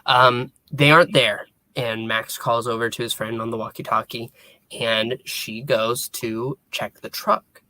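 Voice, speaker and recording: A podcast co-host calmly summing up an episode's scenes, with small hesitations and quoted lines. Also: medium pitch, a little slow. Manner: plain storytelling with little hesitations and quoted lines. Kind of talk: casual episode recap chat.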